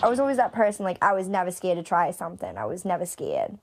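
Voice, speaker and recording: A woman's voice: on the low side, fast talker, slight background noise. A woman in recovery telling her story in an interview, acting out the dialogue she quotes. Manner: animated, acts out quoted dialogue. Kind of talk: candid interview.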